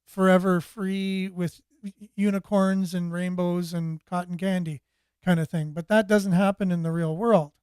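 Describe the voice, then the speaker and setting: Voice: medium pitch, fairly even intonation, unhurried, a little mellow, smooth, no echo, clean studio sound. A channel host giving casual political commentary in a rambling way, with many fillers.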